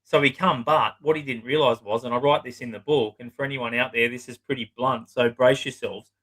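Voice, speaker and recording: A man's voice: medium pitch, steady tone, a little fast, fairly bright tone, rough recording. A middle-aged man, a psychotherapist, telling client stories in a blunt, swearing, casual way and acting out their lines. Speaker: psychotherapist guest. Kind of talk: casual storytelling interview.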